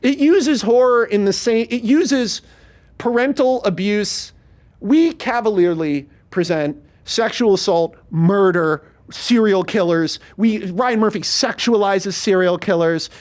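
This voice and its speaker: A podcast host and screenwriter chatting casually, pitching a movie in an animated, swearing rush. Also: male voice. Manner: rapid, animated, swears freely.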